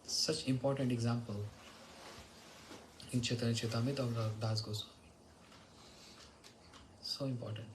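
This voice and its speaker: A man's voice: medium pitch, steady tone, normal speed, pauses often, noisy background. A man giving a devotional morning lecture, telling stories and chanting verses. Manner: storytelling, chants Sanskrit and Bengali verses. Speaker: spiritual teacher.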